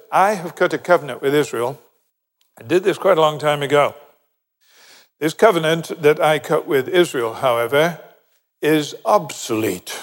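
An older man preaching a sermon, animated, acting out conversations as he tells the story. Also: fairly high pitch. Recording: long reverb of a large hall.

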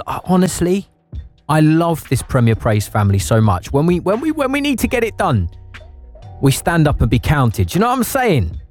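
A man presenting a live radio charity appeal, effusive and emotional as he thanks givers and urges listeners to donate. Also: mid-range voice. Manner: warm, effusive, emotional encouragement. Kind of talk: live radio fundraising chat.

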